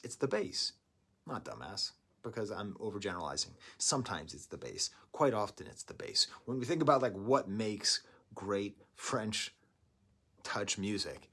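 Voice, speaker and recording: A man's voice: on the low side, lively intonation, moderate pace, a bit bright, breathy edge. A man giving a rambling, jokey music review monologue to the camera, humming and imitating sounds as he goes. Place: indoors, talking to camera.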